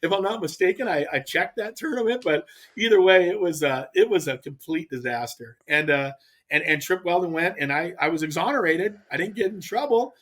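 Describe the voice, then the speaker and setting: A middle-aged man from the US West Coast, a podcast guest telling a story in casual chat, lively and laughing, repeating words when excited. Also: high-pitched, brisk. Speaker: podcast guest, pro angler.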